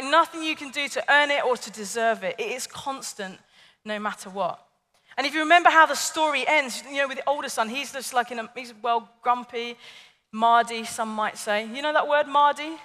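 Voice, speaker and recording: A woman with a high, bright voice gives a chatty, playful talk at a youth service. She drops in light asides to the young people. Her voice carries the long reverb of a large church hall. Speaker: youth leader.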